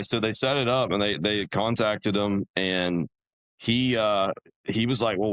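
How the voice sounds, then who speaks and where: A man's voice: low-pitched, a bit bright, dry recording, rough recording. A young man, a podcast guest, telling his story in a casual, rambling way, full of fillers and restarts.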